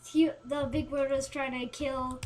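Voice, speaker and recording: A young girl, the host's daughter, chatting casually and telling a rambling, halting story. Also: high voice, level tone, a little mellow, a little hiss or hum. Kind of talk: casual chat.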